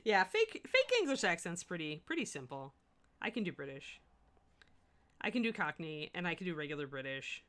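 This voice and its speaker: A middle-aged woman hosting a miniature painting livestream, chatting casually and thinking aloud as she works. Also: fairly low pitch. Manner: chatty, thinks aloud, self-correcting and animated. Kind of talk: casual chat while painting, answering chat.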